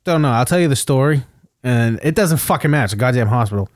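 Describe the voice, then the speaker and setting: A man telling a story in casual chat, swearing freely and getting animated. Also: medium pitch, fast, no room sound, clean studio sound. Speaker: podcast co-host telling a story.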